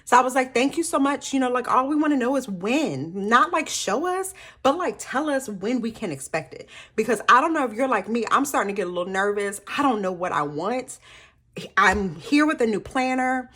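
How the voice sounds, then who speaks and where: A woman, chatting casually to viewers as a planner vlogger, animated and slightly hoarse. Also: on the high side, moderate pace. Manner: chatty, animated storytelling with frequent laughs.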